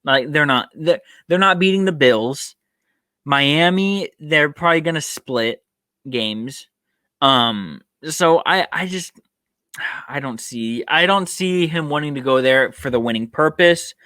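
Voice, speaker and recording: A man's voice: on the high side, lively intonation, a little slow, bright, forceful tone, no room sound, studio quality. A man hosting a solo sports podcast, a bit tired, rambling and thinking aloud with frequent ums. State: tired, yawning. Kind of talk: casual solo sports talk.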